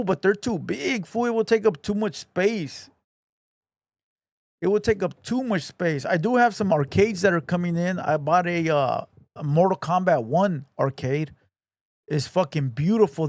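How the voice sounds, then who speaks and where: A podcast host reads viewer comments in a casual livestream chat, speaking in a profane, blunt, laid-back street slang and calling everyone "fool." His voice is on the higher side and a little mellow, with no echo.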